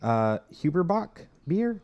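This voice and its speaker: A man's voice: a little high, very animated, slow pace, darkish tone, muffled recording. A man co-hosting a casual food podcast, chatty and explanatory, often running through lists of places. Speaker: podcast co-host.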